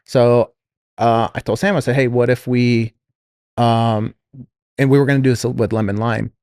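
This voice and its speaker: The clean studio sound, free of any room tone, carries a man's clear, resonant mid-range voice at a moderate pace. Casually recounting a business story for a podcast, he rambles, uses fillers, restarts his sentences, and animates the quotes from others with lively voices.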